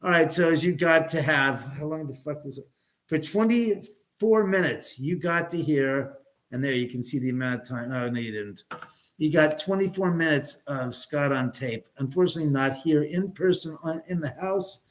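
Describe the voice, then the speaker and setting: A man hosting a casual live stream from his home, loud, joking and profane as he reads out chat comments. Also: fairly high pitch, lively intonation, normal speed, low-quality recording.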